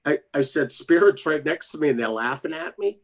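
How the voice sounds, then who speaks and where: Man, lively voice, slightly high, giggly storyteller on a casual live chat. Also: a little fast. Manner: laughs often, jumps high into quoted voices.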